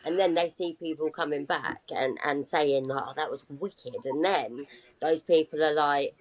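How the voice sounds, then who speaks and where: Low-voiced chatty woman co-host. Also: a little slow. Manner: chatty, filler-heavy with likes. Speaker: podcast co-host. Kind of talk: casual podcast conversation.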